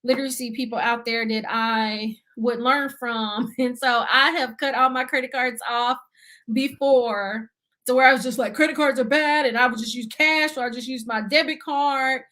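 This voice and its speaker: Young adult woman, high and bright, earnest talkative guest in a casual interview. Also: steady tone, normal speed. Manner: earnest, talkative, many fillers and "you see what I'm saying". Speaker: guest, budgeting YouTuber.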